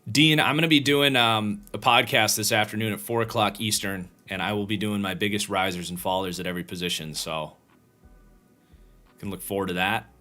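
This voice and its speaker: A man's voice: lowish voice, steady tone, fairly quick, bright, forceful tone, faint music behind. A tired man hosting a livestream, casually breaking down football game film and thinking aloud with frequent restarts. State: tired, yawning. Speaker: host and football draft analyst.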